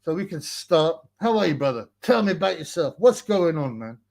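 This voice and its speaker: A young man chats casually on a livestream, his voice sitting a little high. He rambles in slang, greets viewers and reads their comments aloud, and mocks a rival with scorn. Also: big pitch swings, normal speed, vocal fry, a little mellow. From United Kingdom. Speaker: livestream host.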